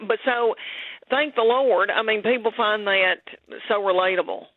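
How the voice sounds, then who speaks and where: A woman's voice: mid-range voice, normal speed, phone-quality sound. A middle-aged woman with a thick Southern American accent, a comedian chatting as a radio guest in a folksy way, calling people honey and darling. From Southern United States. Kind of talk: radio interview chat.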